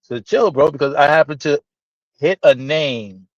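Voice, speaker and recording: A man telling a story in casual podcast chat, animated and profane, acting out the dialogue. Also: on the high side, normal speed, no room sound. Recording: dull, slightly lo-fi dry sound.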